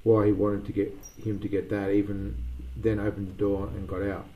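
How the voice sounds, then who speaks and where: A man's voice: fairly low pitch, level tone, normal speed, lo-fi sound. A man narrating a story aloud, reading with occasional restarts and small slips.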